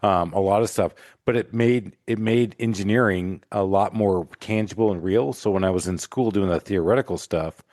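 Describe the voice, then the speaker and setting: Podcast co-host, man, low voice, dry close sound, relaxed and rambling. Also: normal speed, few pauses, no room sound. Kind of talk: casual podcast chat.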